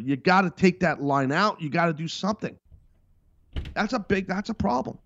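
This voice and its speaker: A man's voice: on the high side, animated, moderate pace, fairly bright tone, no echo, dull audio. A middle-aged man hosting a podcast in a casual, rambling monologue. He talks emphatically and repeats his points. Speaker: podcast host.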